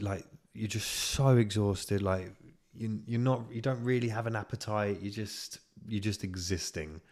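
A man's voice: sits low, a little mellow. A young man hosting a solo podcast, telling crude anecdotes with lots of swearing and laughter. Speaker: podcast host. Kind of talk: casual solo podcast chat.

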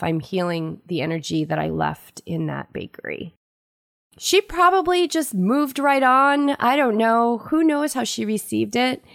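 A woman hosting a spiritual self-help podcast, telling a personal story in an earnest, animated way. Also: medium pitch, dry recording, studio quality. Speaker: podcast host.

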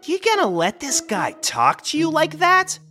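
A feisty little female gopher with a high, lively voice that swings up and down, as a woman puts her on. She talks in a brash, bossy way at an unhurried pace. Soft music plays faintly under the storybook reading. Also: full character voice. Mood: indignant.

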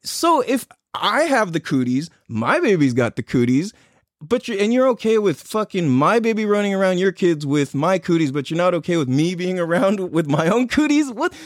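A man's voice: high voice, sing-song, normal speed, no room sound, studio quality. A young man hosting a podcast, telling a story in a heated, profane rant while laughing at himself. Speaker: podcast host. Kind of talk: casual ranting story. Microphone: live stream on a phone.

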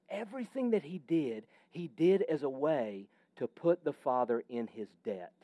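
A man's voice: fairly high pitch, lively intonation, moderate pace, few pauses, dark tone, dry recording. A man preaching a sermon with emphatic, varied delivery that sometimes drops almost to a whisper. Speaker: pastor.

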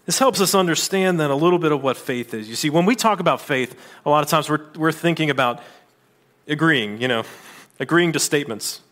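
A man preaching a sermon in a conversational manner, with asides and quick restarts. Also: a little high, animated, a bit bright. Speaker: pastor.

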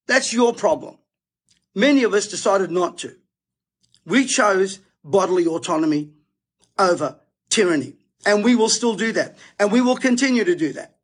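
A man's voice: high-pitched, animated, normal speed, breathy edge. A middle-aged Australian man hosting, delivering a fired-up, emphatic, preachy monologue to his audience. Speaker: host. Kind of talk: impassioned monologue to camera.

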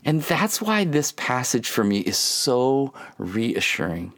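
A man in his thirties preaching in an easygoing, conversational way. His pitch swings widely as he acts out the voices in his stories, and he leans on filler words. He sounds animated and personal. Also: slow. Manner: animated storytelling with many filler "like"s and acted quotes. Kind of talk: conversational sermon.

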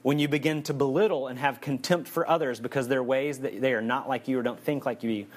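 A man preaches in an easy, conversational way, joking with the listeners as he goes. His voice sits at a middle pitch. He builds his points on a repeated refrain. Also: fairly even intonation, a little fast. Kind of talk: sermon.

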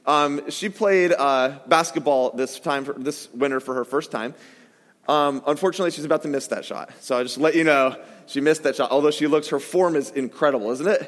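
High-voiced pastor telling a self-mocking story. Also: male voice, a little fast. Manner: storytelling, self-mocking, bursts into shouted quotes. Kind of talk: sermon. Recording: echoey hall reverb.

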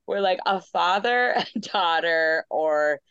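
Woman co-host, rambling and laughing, lower voice, dull lo-fi recording. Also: expressive, slow, a bit bright, clear, resonant tone, no room sound. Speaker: podcast co-host. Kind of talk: casual chat. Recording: dull dry lo-fi audio.

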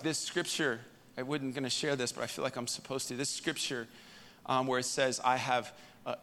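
Male pastor, mid-pitched, casual storytelling sermon, long hall reverb. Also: fairly bright tone, a little hiss or hum. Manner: conversational storytelling with fillers. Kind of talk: sermon testimony.

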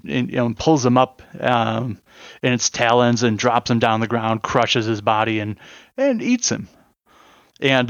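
A man's voice: mid-range voice, dry recording, muffled recording. A man co-hosting a podcast, retelling a story casually with lots of "uh" and "you know" fillers. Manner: rambling retelling full of fillers. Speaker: podcast co-host. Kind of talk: casual review chat.

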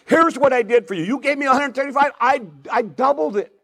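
A man's voice: very high voice, fast talker, pitched above the performer's own voice, exaggerated voice. A man voicing an eager male servant who is thrilled to show off what he has done. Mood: excited. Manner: excited, bursting to show off. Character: eager male servant, proud of his work.

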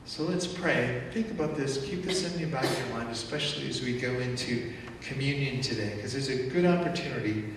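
A male pastor preaching a sermon in a church, animated and conversational, acting out angry outbursts as he speaks. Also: medium pitch, a little fast, noisy background. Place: church sanctuary. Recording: echoey church hall from far off.

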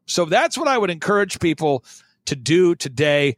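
A man speaking as an interview guest, blunt and animated, often acting out other people's lines. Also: on the high side, normal speed, no echo, clean studio sound. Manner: blunt, animated, acts out quotes in voices. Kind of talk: fast-talking interview.

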